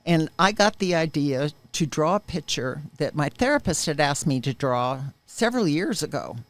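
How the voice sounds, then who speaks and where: A woman's voice: low voice, lively intonation, moderate pace, no echo. Earnest woman telling a personal story. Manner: earnest, vivid retelling with emphatic peaks. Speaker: interviewee sharing a personal testimony.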